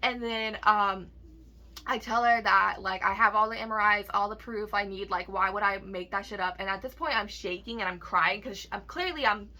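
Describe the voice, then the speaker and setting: Casting: young woman, bright forceful voice, candid storytime rant full of swearing and "like, right?" fillers. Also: mid-range voice, moderate pace. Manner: candid, heavy swearing, many fillers and tag questions. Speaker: vlogger.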